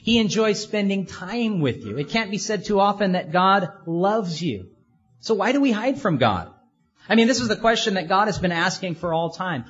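A man's voice: sits high, animated, moderate pace, a bit bright, husky, highs cut off. A man preaching a sermon in an earnest way, asking his listeners many rhetorical questions.

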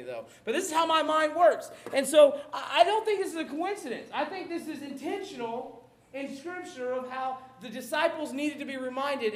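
A man preaching a sermon, animated and jokey, acting out Bible scenes as he goes. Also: extremely high pitch, roomy sound. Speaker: pastor.

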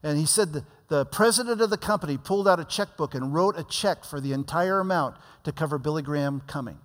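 A pastor preaches a sermon, telling stories and acting out their characters, his slightly high voice swelling and dropping for emphasis. He speaks fast, and the recording has a long hall reverb.

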